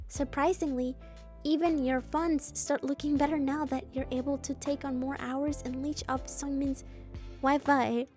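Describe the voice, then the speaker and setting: A streamer with a high, light voice reads a story game aloud at a measured pace, over faint, soft game music. She's animated and playful, frequently breaking off into jokey asides.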